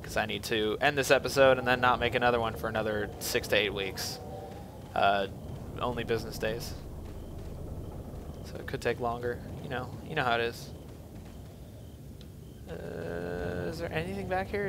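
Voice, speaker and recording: A man giving goofy, self-mocking commentary while playing a video game, jumping to silly high yelps. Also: steady tone, brisk, noisy background. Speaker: let's play gamer. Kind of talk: joking gameplay commentary.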